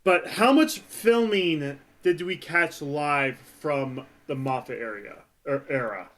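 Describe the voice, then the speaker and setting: A man co-hosting a podcast in casual chat, excitable, tripping over his words and laughing often. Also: a little high, slow pace. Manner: excitable, stumbling restarts and laughs. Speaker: podcast co-host.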